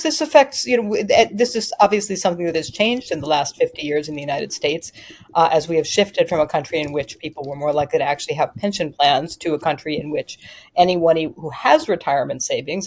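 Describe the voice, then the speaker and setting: Low-voiced woman, emphatic panel guest. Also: fairly quick, slightly rough. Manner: animated, emphatic, many fillers. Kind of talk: podcast discussion.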